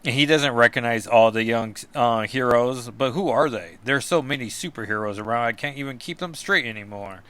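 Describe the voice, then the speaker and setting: A man's voice: medium pitch, brisk, few pauses, a bit bright, clean tone. A man hosting a casual comic book recap, rambling and full of fillers and self-deprecating asides. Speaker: comic book podcast host.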